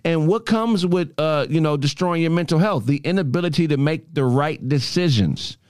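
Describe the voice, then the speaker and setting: A man's voice: a little high, normal speed, darkish tone, clear, resonant tone, dry recording, studio quality. A man in a casual group chat, talking bluntly and emphatically with heavy profanity.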